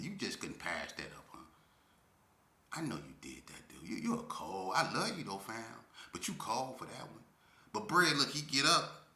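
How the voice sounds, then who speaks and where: A man telling a story from his youth in a casual, animated way, full of slang and often checking in with the listener. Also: medium pitch, reverberant.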